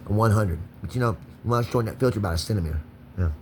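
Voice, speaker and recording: A man's voice: lowish voice, rapid-fire, darkish tone, a little hiss or hum. Profane ranting man. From Kentucky. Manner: erratic, profane, confrontational, repeats himself. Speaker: vlogger. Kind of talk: solo profane rant to camera.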